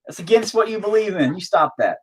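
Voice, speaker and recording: A man with a husky voice imitating his wife in a prim, nagging tone. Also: high voice, expressive, fast, fairly bright tone, voice pushed up, heavily acted. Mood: scolding.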